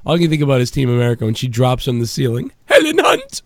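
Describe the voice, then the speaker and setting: This podcast host talks in rapid bursts with a mid-range, somewhat dark voice, and the recording has no room sound. Sitting in his home basement, he rambles through lengthy stories in a casual chat, swearing often and laughing a lot.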